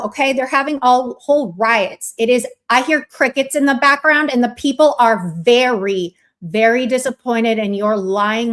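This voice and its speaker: A woman on a livestream ranting in a scornful, sarcastic way at someone who let her viewers down. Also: fairly high pitch. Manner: scornful, sarcastic, drawn-out delivery. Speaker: streamer. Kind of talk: mocking livestream rant.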